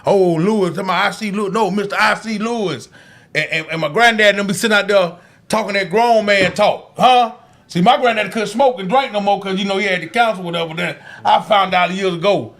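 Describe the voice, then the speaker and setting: A man co-hosting a podcast, telling profane, animated childhood stories in casual chat. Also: high voice, fast talker, vocal fry. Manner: animated, profane storytelling with frequent restarts and laughter. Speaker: podcast co-host.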